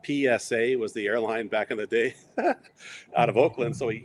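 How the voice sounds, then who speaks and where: A middle-aged man telling long, rambling stories in a relaxed interview, acting out quoted lines along the way. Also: medium pitch, moderate pace, a little hiss or hum. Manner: rambling anecdotes with quoted asides. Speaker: interview guest. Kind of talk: casual storytelling.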